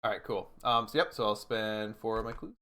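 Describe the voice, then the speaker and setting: A man's voice: on the low side, fairly quick, bright, forceful tone, a little hiss or hum. A man co-hosting a podcast, playing a card game with wry, profane jokes and dramatic card reading. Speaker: podcast co-host and player. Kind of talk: casual board game play with joking commentary.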